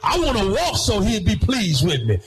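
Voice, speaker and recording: A pastor preaching a sermon in church, rhythmic, swinging between half-sung phrases and shouted lines. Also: male voice, high-pitched, huge pitch swings, moderate pace, poor audio.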